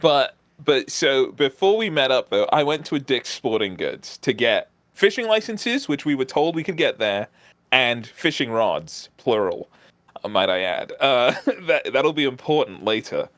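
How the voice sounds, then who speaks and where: A man's voice: mid-range voice, normal speed, no room sound. A man casually telling a long story on a stream, animatedly acting out the people he met. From outside the United States. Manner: animated, acts out other people's voices in anecdotes. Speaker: guest.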